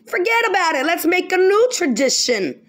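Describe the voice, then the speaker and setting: A woman voicing a mocking, dismissive intruder who brushes off the past in a high, loud voice. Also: big pitch swings, moderate pace. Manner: taunting, dismissive.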